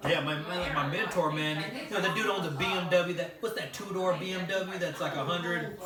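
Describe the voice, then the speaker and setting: A man's voice: high-pitched, fairly even intonation, normal speed. A man in a casual podcast chat who gives motivational advice in a rambling way, with many fillers. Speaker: podcast guest. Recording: echoey room, mic far off, crowd behind.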